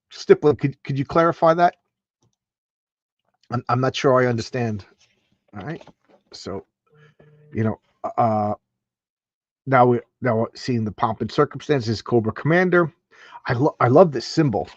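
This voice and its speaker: A man with a medium-pitched voice hosts a casual comic book review show, rambling enthusiastically with lots of restarts and asides. There's no echo, and the highs are cut off.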